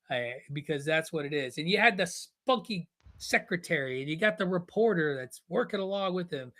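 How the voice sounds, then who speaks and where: A man with a high voice co-hosts a casual pop-culture show. He talks in an emphatic, animated way and keeps cracking jokes as he goes. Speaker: podcast co-host.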